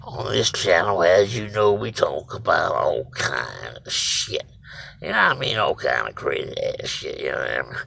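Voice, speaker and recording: A man's voice: low-pitched, sing-song, normal speed, creaky, bright, forceful tone. A middle-aged man with a Cajun accent telling a profane, rambling comic story to his viewers. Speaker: vlogger.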